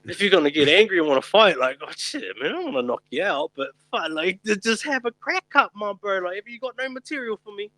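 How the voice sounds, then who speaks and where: Kiwi bloke on a podcast, bright high voice, swears and cracks up telling yarns. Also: male voice, lively intonation, quick pace, few pauses, no echo, low-quality recording. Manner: swearing, laughing storyteller, calls people bro. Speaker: podcast co-host. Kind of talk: casual chat, storytelling.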